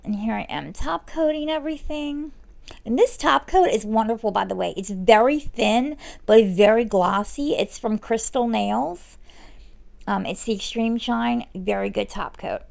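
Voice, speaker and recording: Gravelly-voiced woman narrating a nail tutorial. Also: on the high side, unhurried. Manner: relaxed, self-correcting, chatty instruction. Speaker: nail artist. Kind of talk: step-by-step nail art tutorial voice-over.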